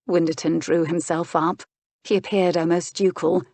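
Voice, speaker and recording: Low-voiced woman narrating an audiobook. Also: level tone, normal speed, mellow, no echo. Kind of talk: scripted narration.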